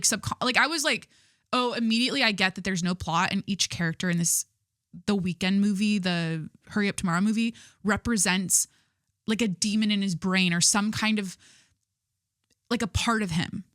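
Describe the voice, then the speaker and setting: A woman's voice: medium pitch, a bit bright, no echo, clean studio sound. A young woman hosting a podcast in casual chat, rambling with lots of "like" and swearing, laughing at herself. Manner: rambling, heavy use of "like", swearing, self-mocking. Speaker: podcast host.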